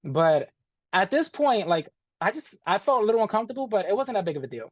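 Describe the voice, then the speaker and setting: A man telling a story as an interview guest, animated and profane, acting out what people said and calling the listener "bro". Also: sits high, quick pace, dry recording. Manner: animated, profane, acts out quoted dialogue, says "bro". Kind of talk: casual storytelling.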